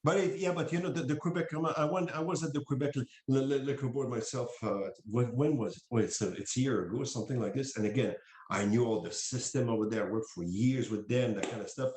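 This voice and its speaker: A man's voice: mid-range voice, fast, a little mellow, slight background noise. Exuberant man, echoey room. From Canada. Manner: exuberant, restarts and stumbles. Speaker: wine importer guest. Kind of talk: animated conversational storytelling.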